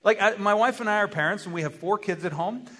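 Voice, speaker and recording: A man preaching a sermon as pastor, animated, acting out dialogue and asking his listeners rhetorical questions. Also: sits high, fast talker. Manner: animated, acts out dialogue with God in varied voices; asks the congregation rhetorical questions. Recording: long hall reverb.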